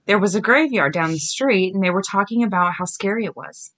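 A woman in her thirties, a podcast host, reading scary stories aloud to her daughter with lively giggles and slow, groaning spooky lines. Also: mid-range voice.

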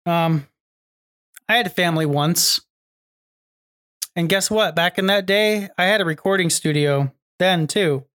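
A middle-aged man offers advice in casual talk, recorded dry and close. He is measured and steady, and he poses questions and then answers them himself. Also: sits high, no echo. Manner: measured, advice-giving, asks and answers his own questions. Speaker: podcast co-host. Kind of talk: casual chat.

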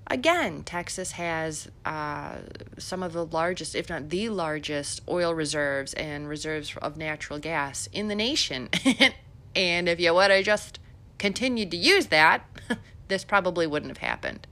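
A woman's voice: fairly low pitch, lively intonation, unhurried, pushed and bright. A middle-aged woman from Illinois hosting a podcast, giving chatty, sarcastic political commentary with many fillers. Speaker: podcast host.

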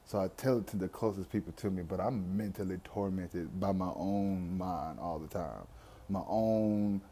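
A man's voice: low voice, dark tone. A young man, talking through his anxiety in a candid, rambling personal monologue full of slang and profanity.

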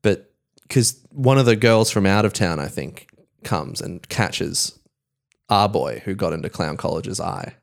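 Low-voiced man pitching comedy ideas. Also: lively intonation, a little slow, gravelly. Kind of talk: casual improvised comedy chat.

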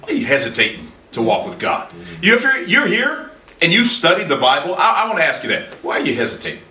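Man preacher, bright lively sermon delivery, recorded far off in an echoey room. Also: fairly high pitch, fast. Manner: animated, quoting scripture in dramatic voices.

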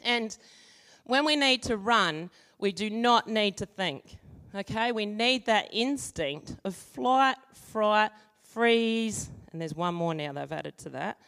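A woman giving a sermon, moving from an animated story with acted-out voices to calm teaching and prayer. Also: mid-range voice, slow. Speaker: church speaker. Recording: long hall reverb.

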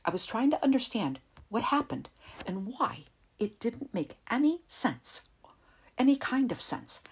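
A woman narrating a first-person story in a quiet, tense, measured way. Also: lowish voice, husky.

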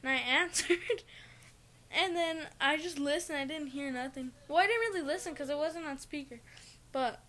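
High bright giggly young woman. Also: moderate pace. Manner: giggly, exasperated storytelling. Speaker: podcast host. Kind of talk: casual home podcast chat.

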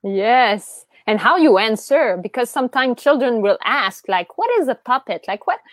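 A woman hosts a podcast interview with a somewhat high voice, recorded dry and close. She asks her questions haltingly, often pausing to find the right words. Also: expressive, no room sound. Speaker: podcast host.

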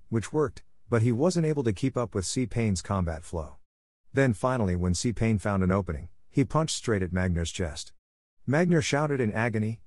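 A man reading an action story aloud in a steady, plain narration. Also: lowish voice, no room sound, studio quality.

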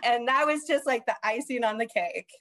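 A woman guest with a somewhat high voice tells a story about a client. She is an animated storyteller who acts out what each person said. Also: moderate pace. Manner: animated storyteller acting out dialogue. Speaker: guest, skincare and energy practitioner. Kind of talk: storytelling in interview.

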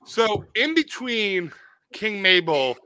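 Lively, bright-voiced male podcast co-host. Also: high voice, takes it slowly, clean tone, no room sound, low-quality recording. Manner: animated, sarcastic, profane. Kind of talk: casual chat.

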